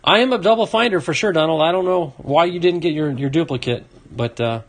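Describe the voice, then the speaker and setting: Guy with a slightly high voice chatting while he flips through a box of cards. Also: a little fast. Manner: chatty, reads off names, talks to a viewer. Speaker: card collecting video host. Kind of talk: casual box-opening commentary.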